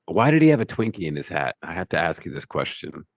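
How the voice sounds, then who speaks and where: A hoarse man co-hosting a podcast, joking crudely in a casual chat. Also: deep voice, big pitch swings, quick pace, dry recording, highs cut off. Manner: crude, joking, does voice impressions. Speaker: podcast co-host.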